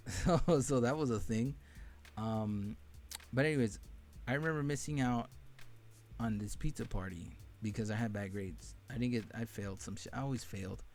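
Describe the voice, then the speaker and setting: A man's voice: medium pitch, moderate pace, pauses often, darkish tone, faint music behind. Candid, profane young man telling stories. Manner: candid and profane, laughing at painful memories. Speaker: podcast host. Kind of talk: casual storytelling monologue.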